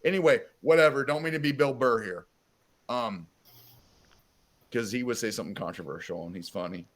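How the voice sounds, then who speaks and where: A man's voice: mid-range voice, brisk. Profane rambling man in casual chat. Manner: rambling, profane, self-mocking, slips into a put-on Southern drawl. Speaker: podcast co-host.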